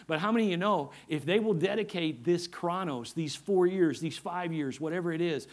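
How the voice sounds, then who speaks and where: A man with a fairly high voice preaches as a pastor at a normal speed. He is emphatic and repeats phrases, often asking his congregation for an amen.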